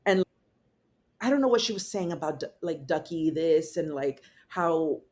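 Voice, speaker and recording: A woman's voice: deep voice, lively intonation, moderate pace, a little mellow. A woman guest on a podcast telling a personal story in blunt, casual speech, swearing freely and rambling with fillers. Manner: rambling with fillers, acting out quotes.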